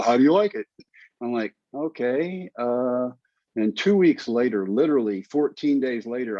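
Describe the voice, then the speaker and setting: A man's voice: medium pitch, dry recording. Guest, male, 50s, easygoing storyteller, dry, dull remote audio. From Texas, United States. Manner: relaxed, anecdotal, acts out quotes. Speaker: guest, speaker and author. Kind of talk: storytelling interview answers.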